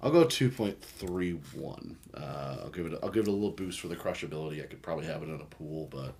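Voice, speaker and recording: Deep-voiced man, rambling beer chat. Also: lively intonation, quick pace, darkish tone, a little hiss or hum. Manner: rambling, joking, reads labels aloud. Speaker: beer review podcast co-host. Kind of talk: casual chat.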